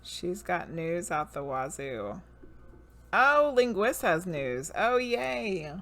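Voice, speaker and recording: A woman's voice: on the low side, very animated, slow, a bit bright. A woman with a Southern US accent chatting casually on a livestream, musing over cards and talking to viewers. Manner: musing, reads card names aloud, chats with viewers. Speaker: streamer.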